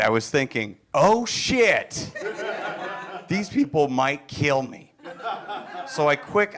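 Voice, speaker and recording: A middle-aged man from Wisconsin doing a stand-up set, telling stories with deadpan delivery and quiet asides. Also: mid-range voice. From Wisconsin, USA. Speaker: stand-up comedian. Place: comedy stage.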